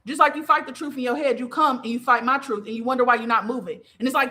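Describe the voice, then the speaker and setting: Young woman ranting bluntly, lots of swearing, bright sharp voice, a bit high. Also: steady tone, fast talker, few pauses. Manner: blunt, profane, emphatic with mocking quoted voices. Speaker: podcast host and spiritual advisor. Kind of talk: heated casual monologue.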